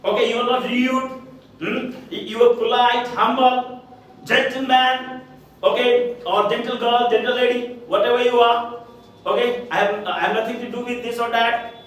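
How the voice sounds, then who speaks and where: A man's voice: extremely high pitch, level tone, normal speed, a bit bright, recorded from a distance. A man with an Indian English accent teaching a spoken English lesson, repeating set phrases over and over and checking with "correct?" and "okay?". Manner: repetitive, drilling phrases with rhetorical checks. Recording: very echoey room, voice from afar.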